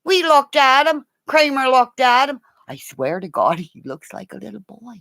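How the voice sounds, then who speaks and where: Middle-aged lady rambling on her livestream, excitable, gasps a lot, dry close sound. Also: high voice, moderate pace, vocal fry, dry recording. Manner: excitable, gasping, drops into whispers. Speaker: livestream host. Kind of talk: rambling casual livestream chat.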